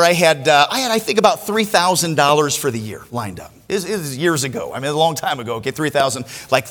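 A middle-aged male pastor telling a personal story in a sermon, swinging between hushed and loud delivery. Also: a little high, long reverb tail.

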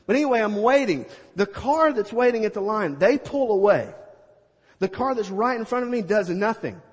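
Husky high-voiced preacher in a hall. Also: male voice, moderate pace. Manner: animated, acts out scenes with sound effects. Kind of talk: storytelling sermon.

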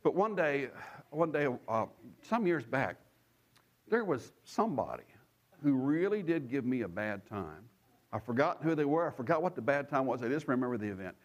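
Male pastor, mid-range voice, very expressive pitch, storytelling sermon with repeated phrases. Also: moderate pace, muffled recording. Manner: animated storytelling with chuckles and asides.

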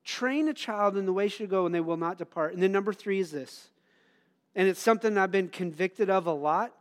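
Earnest man preaching, high-voiced. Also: brisk. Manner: earnest and conversational, with self-mocking laughs. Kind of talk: sermon.

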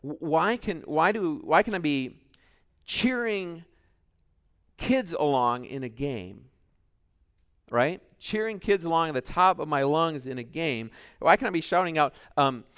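Man, middle-aged, pastor, sermon, lively voice, slightly high. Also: measured pace, clear, resonant tone. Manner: animated, bursts into shouted cheers then drops quiet.

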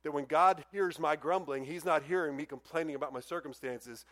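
High-voiced pastor preaching. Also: male voice, fairly quick. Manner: animated, acts out quoted complaints in a raised voice. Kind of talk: sermon.

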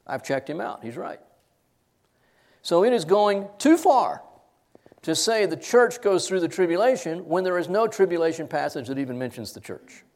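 A man's voice: high voice, very animated, normal speed, a little mellow. A middle-aged man preaching an expository sermon, emphatic, his voice rising and dropping sharply to stress points.

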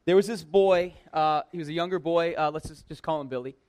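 A man who works at a church tells a personal anecdote in a lively, conversational way, full of "like" and self-mocking humor. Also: fairly high pitch, brisk, clean tone. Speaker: church worker telling a personal story. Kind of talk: casual personal storytelling.

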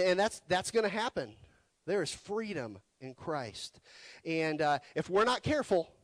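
A male pastor preaching a conversational sermon, asking his listeners questions and swinging from loud to soft. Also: sits high, no echo. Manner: animated, rhetorical questions, wide swings in loudness.

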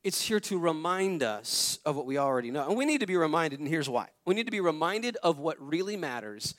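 A man's voice: on the high side, sing-song, brisk, hardly any pauses, a bit bright. A man in his thirties preaching a conversational sermon, telling family stories and repeating phrases for emphasis. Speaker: pastor.

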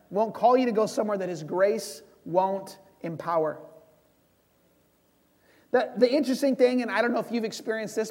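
High-voiced preacher in a reverberant hall. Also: male voice. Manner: conversational, leads prayer, acts out dialogue. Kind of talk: sermon.

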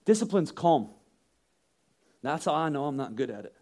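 A man preaching a sermon in an animated way, acting out yelling parents with sudden shouts and often repeating words as he restarts phrases. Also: on the high side, moderate pace. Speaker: pastor.

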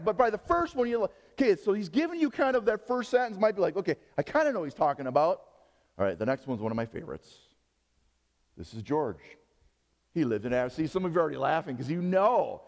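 A man's voice: fairly high pitch, in a large hall. A middle-aged male pastor preaching a sermon, joking and quizzing his congregation.

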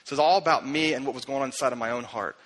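A man, a pastor, telling a personal story in a sermon, earnest and confessional, growing soft and quiet when he recalls what was said. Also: mid-range voice, racing, rough recording.

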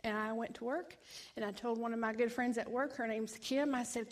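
A woman, telling her personal testimony in an animated way, acting out voices and laughing often. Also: fairly high pitch, a little fast. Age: 30s. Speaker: ministry founder giving testimony.

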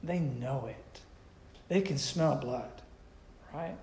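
A man's voice: mid-range voice, slow pace, darkish tone, echoey room. A man preaching a sermon in a conversational way, often asking his listeners questions. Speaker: pastor.

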